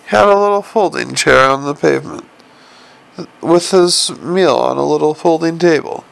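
A man reads a comic novel aloud in a wry, even storytelling voice. His pitch sits a little high for a man. A gravelly edge colors his delivery. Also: normal speed. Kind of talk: audiobook narration.

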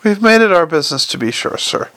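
A man doing a calm female watch sergeant. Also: high voice, fast talker, heavily acted. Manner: calm and matter-of-fact.

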